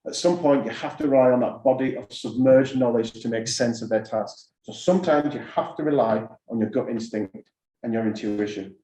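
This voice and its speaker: A middle-aged man giving a talk at a conference of school heads, telling stories from his career in a relaxed, conversational way. He drives points home by repeating short phrases. His mid-pitched voice carries the roomy echo of a hall. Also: normal speed. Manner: anecdotal, conversational, repeats key phrases for emphasis. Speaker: school head giving an address.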